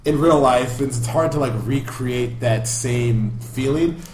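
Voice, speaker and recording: A man's voice: medium pitch, unhurried, darkish tone, slight background noise. Chatty man recapping a movie, echoey room. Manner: rambling movie recap with acted quotes. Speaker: podcast co-host. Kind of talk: casual chat. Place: backup studio.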